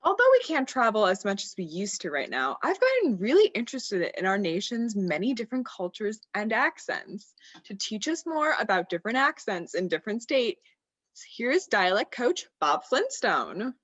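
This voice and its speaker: A woman's voice: medium pitch, big pitch swings, normal speed, fairly bright tone. A woman hosting a comedy interview, playing a dry, skeptical straight role. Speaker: host.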